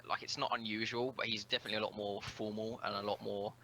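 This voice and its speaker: A man with a somewhat low voice and a very bright, sharp tone rambles through his turn in a tabletop game, leaning on "like" and "you know". A faint hum runs behind him. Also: flat delivery, fast talker, poor audio. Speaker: player. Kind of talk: tabletop role-play chat.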